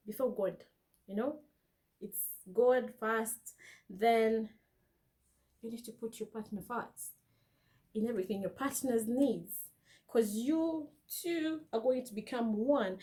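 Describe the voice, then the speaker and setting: Slow, mellow-voiced woman vlogger. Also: fairly high pitch. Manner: emphatic and earnest, stretching words for stress; preachy, quotes scripture. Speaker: vlogger giving dating advice. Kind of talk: casual advice monologue to camera.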